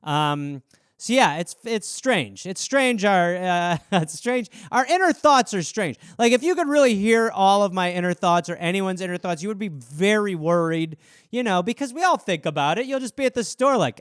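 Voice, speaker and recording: A man's voice: sits high, animated, normal speed, fairly bright tone, clear, resonant tone, no echo, clean studio sound. A man in his forties hosting a podcast, riffing casually and profanely, acting out little inner voices. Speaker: podcast host.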